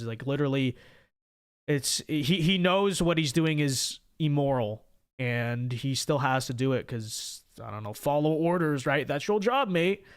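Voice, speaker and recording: A man's voice: mid-range voice, a bit bright, clean tone. A young man hosting a political commentary livestream, rambling and repeating words as he thinks aloud and reads viewer messages. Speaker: livestream host.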